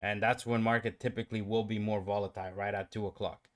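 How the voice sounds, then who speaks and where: A man giving live trading commentary on his own stream, talking to himself and his viewers and swinging from calm explaining to excited outbursts. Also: lowish voice, fast. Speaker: livestream day trader.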